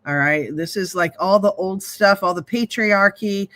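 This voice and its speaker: A woman's voice: medium pitch, a little slow, fairly bright tone. A middle-aged woman hosting a livestream, giving a chatty, spiritual tarot reading with some earthy swearing. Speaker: host and tarot reader.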